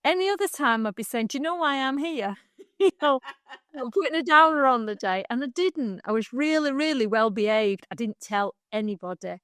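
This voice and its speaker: A woman's voice: on the high side, animated, moderate pace, a bit bright, smooth, no room sound, clean studio sound. A middle-aged woman, co-hosting a podcast and telling a long, heartfelt story in casual chat, rambling and laughing along the way. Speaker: podcast co-host.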